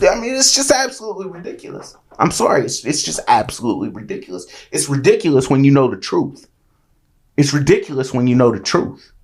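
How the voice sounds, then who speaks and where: Man, AAVE speech, gravelly voice that rises and falls a lot, preachy and emphatic, monologue to camera. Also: on the high side. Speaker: author and commentator. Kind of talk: impassioned monologue.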